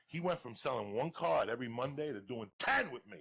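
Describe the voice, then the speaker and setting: A gravelly, husky middle-aged man rattles off profane comic stories at a rapid clip. He swings from bursts of laughing shouts to low mutters. His voice is bright and tense, with a lively pitch. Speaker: podcast guest storyteller. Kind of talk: profane comedic storytelling.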